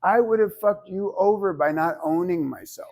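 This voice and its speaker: Brash man teaching a class, slightly high-pitched, animated and profane. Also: moderate pace. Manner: animated, acts out quotes, swears casually. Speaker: public speaking teacher. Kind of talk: informal class lecture.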